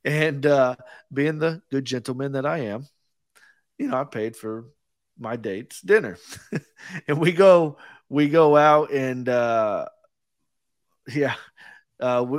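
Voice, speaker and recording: A man's voice: mid-range voice, no room sound, clean studio sound. A man co-hosting a podcast in casual chat, telling rambling stories with frequent laughs and restarts. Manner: rambling storyteller, laughs often, restarts phrases. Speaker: podcast co-host.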